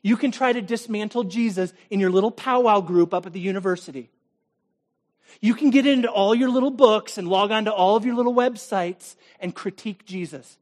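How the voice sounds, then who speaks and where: A man's voice: sits high, fairly quick. Male pastor delivering a sermon; dramatic, challenging, moves between big emphasis and near-whispered intimacy. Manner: dramatic, swings from loud emphasis to hushed, intimate tones; direct, challenging address to the listener.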